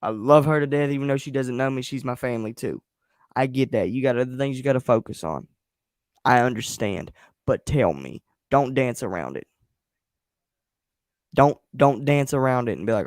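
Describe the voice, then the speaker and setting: A man's voice: mid-range voice, animated, normal speed, dry recording, studio quality. A man hosting his own show at home, ranting bluntly and repeating himself, with frequent swearing. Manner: frustrated, blunt, repetitive, swearing. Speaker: podcast host. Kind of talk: angry solo rant on a live stream. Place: home at night, a partner asleep nearby.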